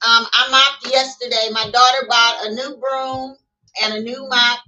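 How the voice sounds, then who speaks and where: A middle-aged woman speaks to her camera in a folksy, chatty way, laughing often and addressing viewers as y'all. Her voice is bright and fairly high, and she takes her time. She sits a little away from the mic, with music playing faintly in the room. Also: flat delivery, a little slow, recorded from a distance, rough recording. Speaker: vlogger. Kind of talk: casual spiritual chat to camera.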